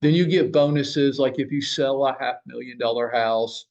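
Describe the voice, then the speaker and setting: A man at a mid pitch leads a training huddle for real estate agents. He tells blunt stories with a bit of swearing and keeps throwing questions at the room. The recording sounds dull and lo-fi. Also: fairly even intonation, moderate pace, a little mellow. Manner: storytelling, blunt, mild swearing; fires rhetorical questions at the room.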